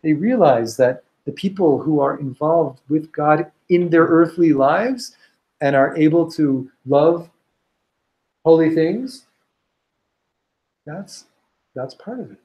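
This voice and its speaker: Animated man teaching Talmud. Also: a little high, slow pace, long pauses, lo-fi sound. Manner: storytelling, animated, many restarts, Hebrew and Aramaic quotes. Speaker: Torah teacher. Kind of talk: informal Talmud class.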